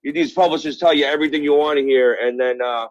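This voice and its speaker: A fast-talking middle-aged author from Brooklyn, New York, has a steady, somewhat high voice with no room sound. Over dull phone audio, he's a guest in a casual interview chat, telling rambling, profane, filler-filled stories.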